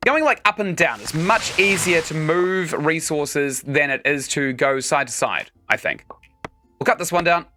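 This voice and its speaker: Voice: medium pitch, bright, forceful tone. A game streamer giving casual let's-play commentary, chatting and explaining mechanics while playing.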